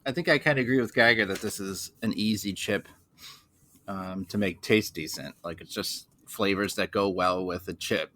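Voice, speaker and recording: A man's voice: on the low side, moderate pace, pushed and bright. A man co-hosting a casual snack-tasting podcast, easygoing with short asides. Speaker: podcast co-host, snack taster. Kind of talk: casual comedic chat.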